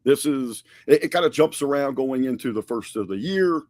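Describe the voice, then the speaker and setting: A man's voice: medium pitch, lively intonation, moderate pace, a little mellow, no echo. A man co-hosting a podcast, reviewing in a casual, conversational way with frequent fillers and restarts. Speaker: podcast co-host.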